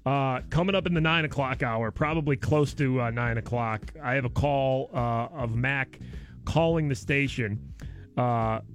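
A man's voice: medium pitch, unhurried, faint music behind. A man hosting a radio show, talking in a casual, playful way and laughing often.

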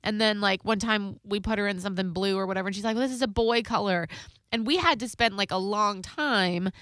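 A woman in her thirties co-hosting a podcast, talking in a loose, rambling way that keeps interrupting itself. Her voice is bright and forward, recorded dry and close with no room sound. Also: medium pitch, a little fast, dry recording. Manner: rambling, self-interrupting storyteller. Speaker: podcast co-host. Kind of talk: casual chat.

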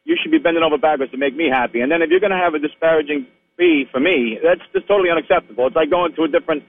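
Male caller, New York accent, quick and opinionated; phone-line sound, slightly raised pitch. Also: very animated. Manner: blunt, opinionated. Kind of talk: call-in radio chat.

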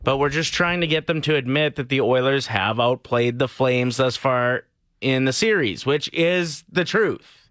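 A man's voice: medium pitch, measured pace, fairly bright tone, no room sound, clean studio sound. A man co-hosting a casual radio show, laid-back and chummy, often chuckling. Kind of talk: casual morning radio banter.

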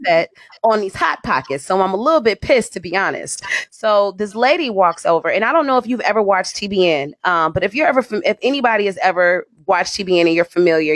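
A woman's voice: medium pitch, a bit bright, no room sound. Dramatic storytelling radio woman. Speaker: radio personality. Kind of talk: storytelling in casual chat.

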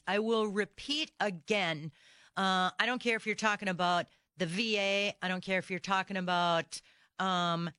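A woman's voice: medium pitch, sharp tone, clean tone, dry recording. A woman hosting a talk radio show from a studio microphone, delivering an opinionated monologue full of indignant rhetorical questions.

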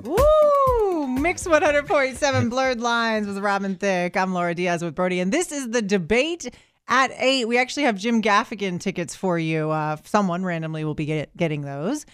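A woman in her thirties from Florida, co-hosting a morning radio show in quick, chatty banter with frequent laughs. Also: mid-range voice, a bit bright, smooth, soft background music. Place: radio studio. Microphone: studio microphone.

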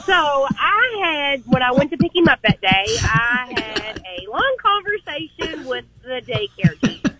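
A woman's voice: sits high, very animated, measured pace, hardly any pauses, a crowd in the background, rough recording. A woman calling into a radio show, telling an amused story about her son. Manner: chatty, amused. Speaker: caller. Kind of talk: storytelling on a phone call.

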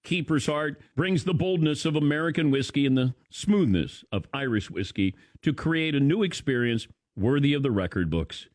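A man's voice: medium pitch, expressive, moderate pace, hardly any pauses, no room sound, studio quality. A man playfully reading a comedic radio ad. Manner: playful ad read.

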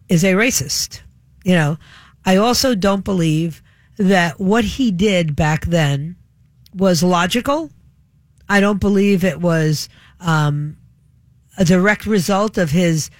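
A woman's voice: lowish voice, dry recording. A woman hosting a talk radio show, delivering an opinionated, rambling monologue full of fillers and restarts.

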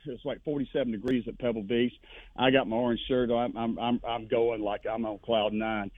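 A man calling in to a sports radio show, telling stories in an animated way with voices for the people he quotes. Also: medium pitch, brisk, no echo. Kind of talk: casual storytelling on a phone line. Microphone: telephone. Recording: tinny dry phone line.

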